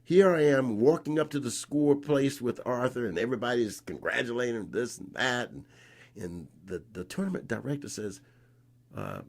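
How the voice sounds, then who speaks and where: A man in his sixties from North Carolina, a guest in a conversation, telling a story in an animated way and re-enacting scenes with rising emphasis. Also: mid-range voice, moderate pace, creaky. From North Carolina, USA. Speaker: interview guest.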